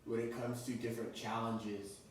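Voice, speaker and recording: A man interviewing a guest, asking slow, hesitant questions. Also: mid-range voice, flat delivery, slight background noise. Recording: distant, very echoey with faint ambience.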